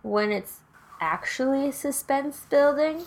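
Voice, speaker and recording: A woman's voice: sits high, expressive, takes it slowly, a little hiss or hum. Dry-witted tipsy woman. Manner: dry, joking, sarcastic asides. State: tipsy from drinking. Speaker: podcast co-host. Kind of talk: casual chat about a horror movie.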